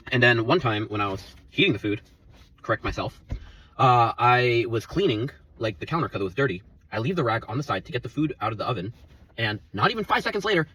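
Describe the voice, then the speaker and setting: A man's voice: mid-range voice, pushed and bright, recorded from a distance, a little hiss or hum, rough recording. A young man venting in a profane, rambling, heated rant about quitting his job, out of breath from talking. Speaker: former coffee shop worker venting. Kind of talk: angry rant to camera.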